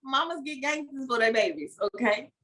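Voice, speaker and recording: A woman's voice: sits high, animated, normal speed, pushed and bright. A woman co-hosting a podcast in casual chat, teasing and chatty. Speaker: podcast co-host.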